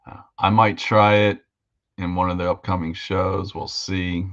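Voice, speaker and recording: A man's voice: low voice, little pitch movement, measured pace, fairly bright tone, lo-fi sound. A man hosting a live hobby show, chatting casually and rambling as he paints models. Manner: rambling and easygoing, with fillers. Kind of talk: casual livestream chat while painting models.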